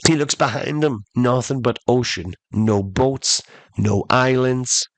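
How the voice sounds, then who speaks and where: A man's voice: mid-range voice, slow pace, no echo. A man hosting a podcast, telling a comic story in a chatty way that speaks straight to the listeners. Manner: conversational, addresses listeners as "folks". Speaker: podcast host.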